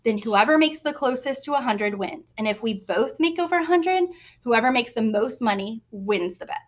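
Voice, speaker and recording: A woman's voice: a little high, lively intonation, moderate pace. A woman voicing a bold, smug young girl in a storybook reading. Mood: scheming. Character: small bold girl, smug little sister.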